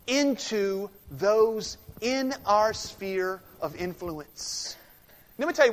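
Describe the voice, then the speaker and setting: Brief: male pastor, high and expressive voice, slow deliberate sermon delivery, alternating bold and hushed, long church reverb. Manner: emphatic, swings from loud declarations to hushed intensity. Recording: long reverb of a large sanctuary.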